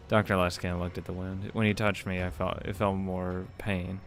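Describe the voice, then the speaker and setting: A man's voice: low voice, level tone, normal speed, faint music behind. A man reading a visual novel aloud, who stumbles over words, restarts them, and swears in casual asides. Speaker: let's play narrator.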